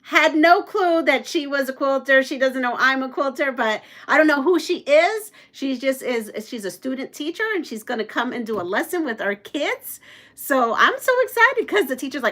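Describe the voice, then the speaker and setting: A woman's voice: high-pitched, expressive, moderate pace, a bit bright. A middle-aged woman hosting a quilting channel, chatting casually at home while sewing and reading viewer comments aloud.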